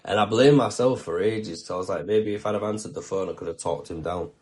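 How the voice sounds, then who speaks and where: A young man hosts his own video show, his voice low, quick and a little mellow. He tells a story bluntly and casually, swearing freely and often asking "do you know what I mean" to check the listener follows.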